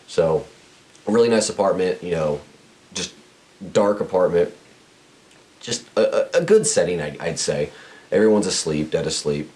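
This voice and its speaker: A young podcast host with a low, slightly mellow voice tells a crude story. He's blunt and profane, rambling and restarting as he goes.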